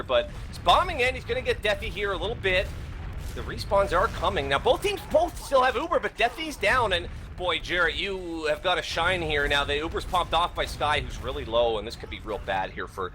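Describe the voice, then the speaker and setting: Bright, high-pitched man calling a game live, playful and quick with asides, over a faint hiss. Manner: jokey, lively play-by-play with asides. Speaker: esports caster. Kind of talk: play-by-play commentary.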